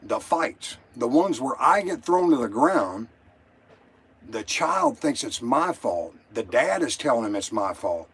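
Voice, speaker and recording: A man's voice: medium pitch, big pitch swings, unhurried, a bit bright, husky. An older man calling in to a show, telling his story in an agitated, rambling way and swearing often. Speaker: caller. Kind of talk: emotional call-in story.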